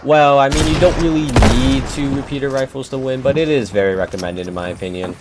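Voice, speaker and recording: A man's voice: medium pitch, fast, very noisy. A young man giving casual, self-mocking commentary over his own gameplay clips. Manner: laid-back, self-mocking, joking. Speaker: gaming YouTuber. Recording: loud gunfire and game sounds behind.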